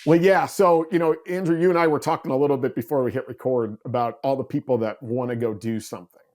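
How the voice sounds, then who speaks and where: A man in his forties, a podcast guest, telling stories in an animated way and acting out quoted dialogue. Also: medium pitch, fast talker. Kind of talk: storytelling interview talk.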